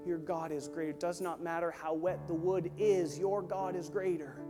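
A man preaching a sermon, swinging from hushed, intimate lines to loud, urgent ones. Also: on the high side, steady tone, moderate pace, big-room sound, music in the background. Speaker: pastor. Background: worship team instruments.

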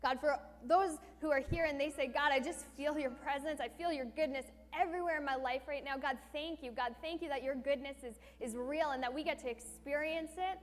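A woman's voice: high voice, brisk, few pauses. A woman preaching a sermon, then leading a closing prayer, speaking earnestly and addressing God over and over. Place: church hall. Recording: reverberant church hall.

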